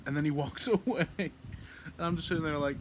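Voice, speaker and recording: A man's voice: fairly high pitch, brisk, slight background noise. A young man vlogging, telling a story casually and acting out quotes in a mock-medieval voice.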